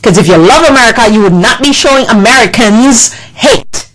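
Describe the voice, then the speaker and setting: A woman's voice: on the high side, expressive, normal speed, a bit bright, rough recording. A woman delivering an impassioned political monologue, indignant and scolding, with emphatic repetition. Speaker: political commentator.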